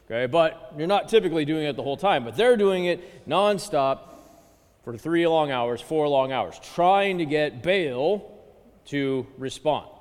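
Male pastor, conversational sermon, fairly high voice, long hall reverb. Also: animated, unhurried, clean tone. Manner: conversational, frequent "okay" and "right".

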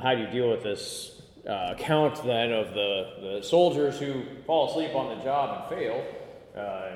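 Leading a Bible study, a man chats with the class, quizzes them with questions, explains Greek words, and says "okay" a lot. His voice sits lowish with a slight hiss or hum. The room is echoey, with a long reverb tail.

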